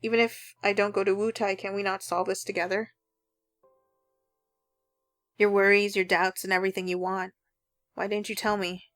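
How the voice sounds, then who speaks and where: A woman's voice: medium pitch, level tone, moderate pace, pauses often, a bit bright, soft background music. A woman playing through a visual novel, reading the first-person narration aloud in an earnest, heartfelt way. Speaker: let's play narrator.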